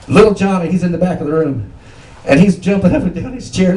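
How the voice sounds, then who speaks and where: A man's voice: on the high side, fairly quick, dark tone. A man telling dirty jokes to a small group, laughing at them himself and quizzing his listeners. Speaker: joke teller. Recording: roomy, far from the mic, faint ambience.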